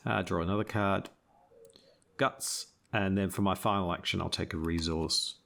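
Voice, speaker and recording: A man with a low, gravelly voice plays a tabletop card game and reads its story text aloud. He stays relaxed and laughs often. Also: moderate pace. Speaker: game host.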